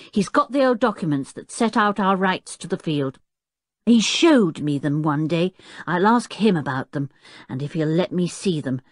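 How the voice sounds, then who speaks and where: A woman voicing a stubborn, quick-tempered boy who talks insistently and indignantly in an audiobook. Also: fairly low pitch, no room sound, studio quality, voice pushed up.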